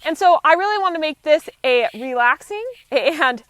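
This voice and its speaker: Bright high-voiced woman horse trainer. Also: moderate pace, no room sound. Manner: calm, explanatory, talks while working a horse. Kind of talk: live training commentary. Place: outdoors, working with a horse.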